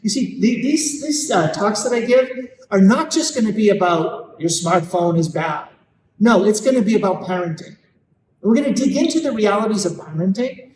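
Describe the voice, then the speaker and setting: A man giving an earnest live talk to parents, emphatic and slowing down hard on key points. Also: high voice, expressive, darkish tone. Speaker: Catholic speaker on parenting. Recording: echoey hall, mic at a distance.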